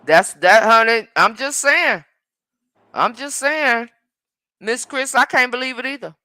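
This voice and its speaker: Sassy woman live-streamer with a bright voice. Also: sits high, lively intonation, no echo. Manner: sassy and combative, with drawn-out mm-mms and terms like baby and honey. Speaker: live-stream host reading viewer comments. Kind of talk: casual live-stream chat.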